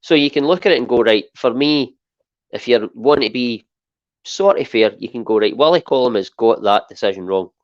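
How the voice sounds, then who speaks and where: A Scottish man co-hosting a football podcast, talking in an animated, emphatic way and often tagging points with "right?". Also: medium pitch, normal speed, dry recording, dull audio. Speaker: podcast co-host. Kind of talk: casual football chat.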